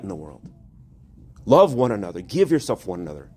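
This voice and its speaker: A man's voice: lowish voice, very animated, brisk, pauses often, dark tone, slightly rough. A male priest preaching a sermon, earnest and rising to emphatic exhortation.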